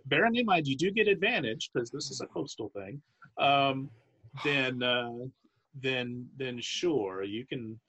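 A man narrating as game master of a tabletop role-playing game, halting and restarting, with many fillers. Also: mid-range voice, animated, a bit bright, husky, poor audio. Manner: halting, full of fillers and restarts, laughs often.

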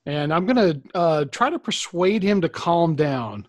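A man's voice: on the high side, animated, a little slow, no echo, clean studio sound. A man playing a tabletop role-playing game, playful as he describes his character's actions. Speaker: player. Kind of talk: tabletop role-play chat.

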